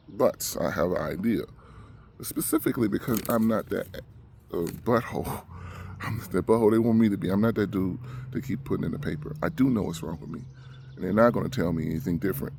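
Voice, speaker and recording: A man's voice: low voice, brisk, vocal fry, long pauses, a little mellow, a little hiss or hum. A man ranting emotionally to the camera, agitated and short of breath, repeating himself as he talks. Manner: agitated, repetitive, heated. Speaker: vlogger.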